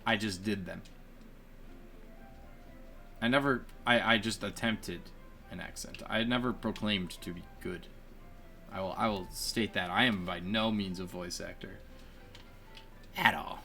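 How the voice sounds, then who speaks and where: A man's voice: on the low side, steady tone, a little slow, long pauses, sharp tone, soft background music. A man giving casual, chatty commentary on his own gameplay, laughing often and poking fun at himself. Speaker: let's play gamer.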